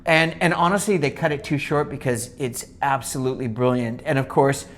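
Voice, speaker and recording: A man's voice: mid-range voice, fairly even intonation, a little fast. A middle-aged man from England co-hosting a podcast in casual chat, enthusiastic and rambling, often restarting sentences. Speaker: podcast co-host.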